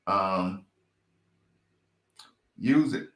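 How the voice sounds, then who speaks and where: A man's voice: low voice, animated, very slow, fairly bright tone. A man giving blunt, profane fan commentary on a basketball team, ranting in slang. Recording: echoey room.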